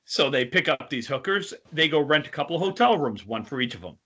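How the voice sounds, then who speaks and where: Bright-voiced man telling crude jokes. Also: a little high, sing-song, a little fast, dull audio. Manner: crude joke-telling banter. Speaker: podcast co-host. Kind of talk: casual chat.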